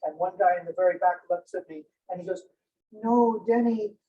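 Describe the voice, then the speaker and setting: A man's voice: sits high, flat delivery, quick pace, recorded from a distance, lo-fi sound. A man giving a playful, jokey show-and-tell presentation on old inventions to an audience. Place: senior center room.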